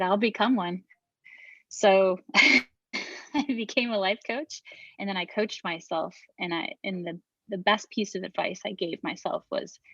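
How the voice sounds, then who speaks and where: A woman's voice: medium pitch, fairly bright tone, dry recording, highs cut off. A middle-aged woman telling her story as an interview guest, speaking frankly, swearing casually and often restarting her sentences. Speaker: podcast guest, beverage founder.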